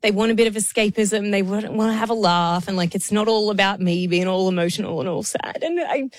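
A woman's voice: mid-range voice, fairly quick, no echo. Woman, departing podcast producer; emotional, tearful laughter; dry close sound. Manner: emotional, laughing through tears. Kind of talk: casual podcast chat.

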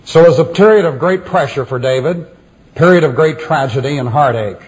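High-voiced husky male preacher, lo-fi. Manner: emphatic, measured, repeats refrains. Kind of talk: sermon. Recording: dull lo-fi recording.

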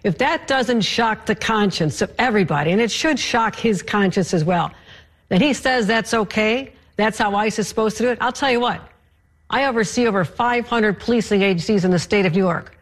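A woman's voice: mid-range voice, a little fast. A woman arguing as a candidate in a political debate, firm and emphatic, repeating phrases for stress. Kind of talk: debate argument.

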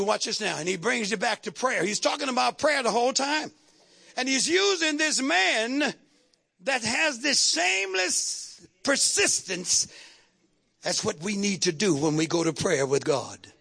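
A man's voice: extremely high pitch, lively intonation, unhurried, creaky, sharp tone, slightly rough. A man preaching a dramatic, humorous sermon with call-and-response. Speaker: pastor.

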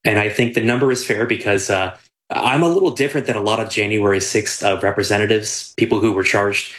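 A man's voice: fairly low pitch, fairly quick, fairly bright tone, poor audio. A man being interviewed as a guest on a talk show, speaking in an earnest, matter-of-fact way. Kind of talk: casual interview.

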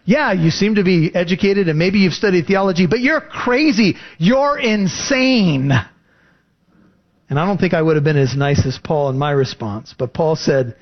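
A man preaching a sermon, reading scripture and explaining it with lively emphasis. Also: a little fast, hardly any pauses. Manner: animated, rising pitch for emphasis. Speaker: pastor. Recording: dull lo-fi recording.

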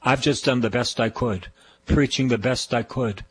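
An older man with a Boston accent and a medium-pitched voice preaches a fervent radio sermon at normal speed, repeating phrases of praise in a call-and-response style. The recording is rough, with a little hiss or hum.

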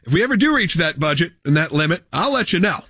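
A man hosting a talk radio show, making an earnest, energetic appeal with repeated points. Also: fast, breathy edge, dry recording, studio quality. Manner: earnest, energetic pitch with repetitions.

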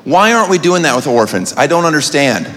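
A man's voice: on the high side, very animated, brisk, fairly bright tone. A man doing a wry, indignant stand-up comedy set on a comedy club stage, recorded live in a noisy club. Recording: reverberant live room with noise.

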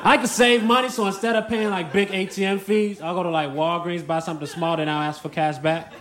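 A man's voice: sits high, level tone, brisk. A man performing a stand-up comedy set, telling casual stories with dry punchlines. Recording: noisy live club recording.

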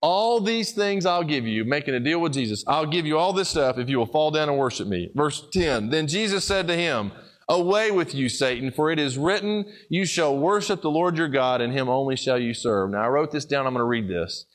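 A male preacher delivers a sermon full of stories. His voice sits a little high. He builds to emphatic peaks, then sinks into hushed, low asides. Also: animated, brisk. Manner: storytelling preacher, swings between loud emphatic peaks and hushed low passages.

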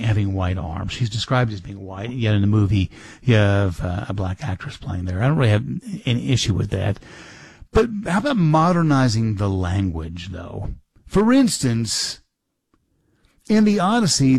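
A man's voice: fairly low pitch, big pitch swings, measured pace, creaky, a little mellow, slightly rough, no echo. A middle-aged man hosting a talk radio show, rambling casually with many restarts and fillers.

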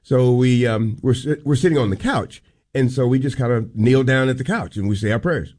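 A man co-hosting a radio show, telling a personal story on air in a casual, earnest, halting way. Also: medium pitch, darkish tone.

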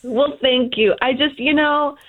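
A woman's voice: sits high, fairly even intonation, a little slow, phone-quality sound. A brash, self-assured woman calling in to a comedic radio bit, talking in a flirty, teasing way.

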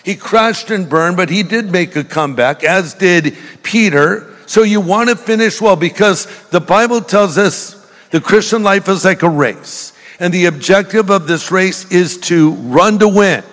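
A man's voice: sits high, a little slow, fairly bright tone. An older man preaching a sermon in a church, telling jokes and stories and speaking directly to the congregation. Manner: joking storyteller, direct with the congregation. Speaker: pastor. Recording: long reverb of a large hall.

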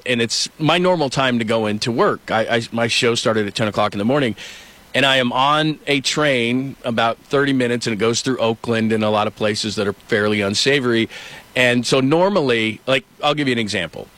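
A middle-aged man hosting casual sports talk who tells stories in an animated way. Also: mid-range voice, brisk. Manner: storytelling, animated.

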